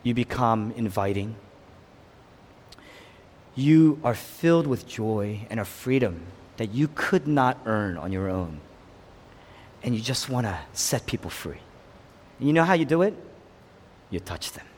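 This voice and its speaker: Impassioned preacher with lively swings. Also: male voice, a little slow, long pauses, slight background noise. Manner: impassioned, swinging from loud peaks to hushed lows. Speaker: pastor. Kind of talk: sermon. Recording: long hall reverb.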